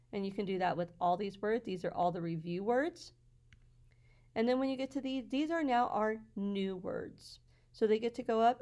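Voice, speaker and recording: A woman teacher walking through her classroom slides in a patient, explanatory way, sounding out words slowly. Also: mid-range voice, a little mellow.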